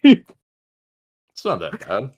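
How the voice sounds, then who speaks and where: Low voiced young dude making dry teasing jokes. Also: male voice, wildly swooping pitch, very slow, darkish tone, muffled recording. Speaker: podcast co-host. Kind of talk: casual chat.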